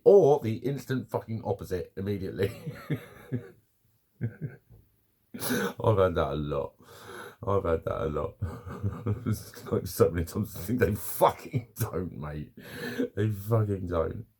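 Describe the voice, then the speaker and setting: Brief: middle-aged bloke vlogging, deep husky voice, sweary and chuckling through his stories. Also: takes it slowly, long pauses, warm tone. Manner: swearing, laughing storyteller. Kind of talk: casual chat to camera. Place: at home with his dog.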